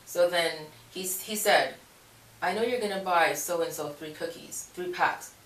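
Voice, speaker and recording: Rambling woman, low voice, echoey room. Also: unhurried, fairly bright tone, a little hiss or hum. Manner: rambling, self-correcting, laughs often. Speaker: Christian video blogger. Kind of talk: casual storytelling testimony. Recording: echoey room, voice far from mic.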